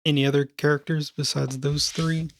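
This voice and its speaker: A man hosting a casual podcast, asking questions in a hesitant, halting way. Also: on the high side, level tone, slight background noise.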